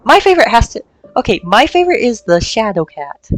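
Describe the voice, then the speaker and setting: A woman streamer chatting casually while playing a game, excitable and swearing freely. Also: fairly high pitch, a little fast. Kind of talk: casual gameplay chat. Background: faint game music.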